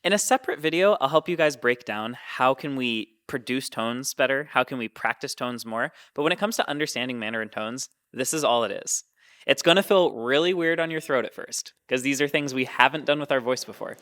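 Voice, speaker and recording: A man's voice: medium pitch, a little fast, a bit bright. A man teaching Mandarin tones, explaining patiently and demonstrating each sound. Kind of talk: explaining with spoken examples.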